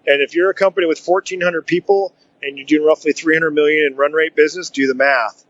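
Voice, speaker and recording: A man's voice: fairly high pitch, steady tone, fast, fairly bright tone, no echo. A man co-hosting a podcast, talking casually about the tech industry with a rambling, joking style full of filler phrases. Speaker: podcast co-host. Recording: dull lo-fi audio.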